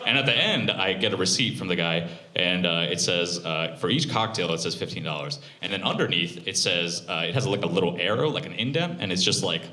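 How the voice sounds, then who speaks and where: A man in his twenties performing a live stand-up set, animated and profane, mocking himself. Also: low-pitched, fairly quick. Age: 20s. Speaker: stand-up comedian. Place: comedy club stage. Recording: roomy comedy club.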